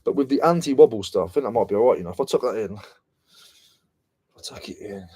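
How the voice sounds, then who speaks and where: A man's voice: fairly low pitch, expressive, fairly quick, dark tone, slightly rough, dry recording. A British man chatting casually and slangily on a reselling live stream, mocking himself as he goes. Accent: British English. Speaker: reselling vlogger.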